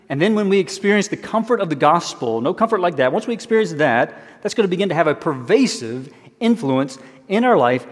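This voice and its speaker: A male pastor delivers a sermon in a fairly high voice, earnest and deliberate, slowing down to repeat his key phrases. His voice carries a long reverb, as if from a large church sanctuary. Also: husky.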